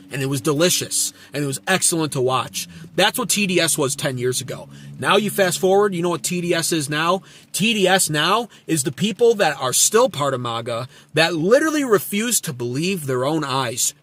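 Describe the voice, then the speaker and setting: A man's voice: sits high, a bit bright, no echo. A man hosting his own channel, giving blunt, sarcastic political commentary full of swearing and answering viewers' chat. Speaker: channel host.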